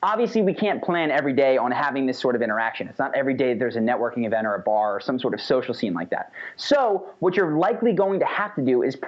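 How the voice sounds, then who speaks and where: A man teaching an online course in a casual, energetic way, sometimes demonstrating how his voice changes. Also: mid-range voice, quick pace, hardly any pauses. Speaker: course instructor. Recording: slightly dull lo-fi audio.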